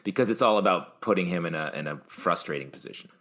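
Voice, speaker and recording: A man co-hosting a casual podcast discussion, jokey and lively. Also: deep voice, fast. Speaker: podcast co-host.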